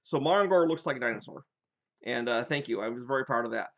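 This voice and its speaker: An older man hosting a casual live chat, telling animated stories from his gaming sessions. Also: medium pitch, fast talker, gravelly. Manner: animated storyteller, rambling with restarts.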